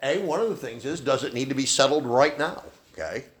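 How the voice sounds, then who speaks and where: A man's voice: medium pitch, fairly quick. A man preaching a sermon as pastor, who often ends his points with a questioning "okay?". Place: church.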